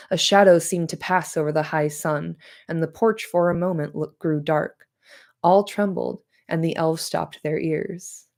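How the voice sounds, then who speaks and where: A woman reads a fantasy novel aloud for her stream audience, slipping into chatty, joking asides. Her voice is a little nasal and sits lower than most women's. The pacing is relaxed and conversational. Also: creaky. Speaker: streamer reading a book aloud. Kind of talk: casual read-along stream.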